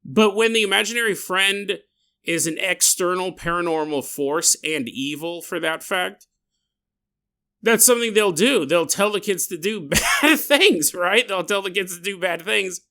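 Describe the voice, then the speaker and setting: A man's voice: high voice, animated, unhurried, sharp tone. A man hosting a podcast, casually telling a paranormal story in a chatty, digressive way and laughing at his own tale. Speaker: podcast host.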